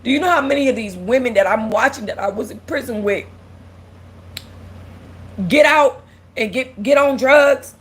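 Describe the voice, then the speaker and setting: A woman's voice: high voice, normal speed, pauses often. Tearful young woman talking to viewers. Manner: candid, repeats herself, reads and answers viewer comments. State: close to tears. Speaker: livestream host. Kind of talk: emotional casual livestream talk.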